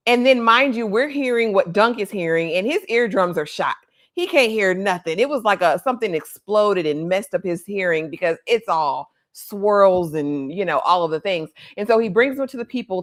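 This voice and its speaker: A woman's voice: medium pitch, expressive, normal speed. A woman host in a casual TV episode recap, with a voice in the middle range. She retells scenes in playful slang and drops in the characters' lines as she goes. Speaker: podcast host.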